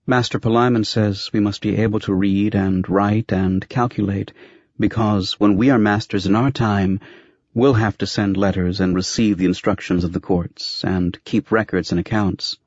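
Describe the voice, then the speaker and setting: A man's voice: fairly low pitch, steady tone, normal speed, darkish tone, no room sound. A man voicing a timid young male apprentice who answers politely and hesitantly in a storybook reading. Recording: dry, slightly muffled recording.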